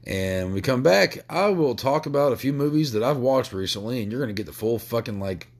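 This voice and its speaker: A man hosting his own podcast, talking emotionally and with lots of swearing and halting restarts. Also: mid-range voice, expressive. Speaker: podcast host. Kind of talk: personal podcast talk.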